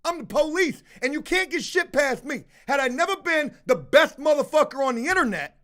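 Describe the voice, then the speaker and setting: High-voiced man ranting with nonstop swearing. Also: expressive, fairly quick. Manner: loud, belligerent, heavy swearing, addresses viewers as folks. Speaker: video host. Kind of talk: profane ranting storytime.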